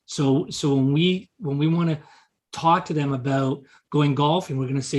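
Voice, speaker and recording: A man's voice: fairly high pitch, steady tone, moderate pace, darkish tone. A man teaching a live real estate seminar, often repeating short words as he quotes example dialogue to the audience. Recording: meeting talk to an audience.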